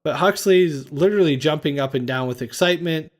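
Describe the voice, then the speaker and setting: Casual man hosting a film chat, slightly higher voice, recaps scenes and quotes lines. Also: brisk. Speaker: podcast host. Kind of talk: casual movie review chat.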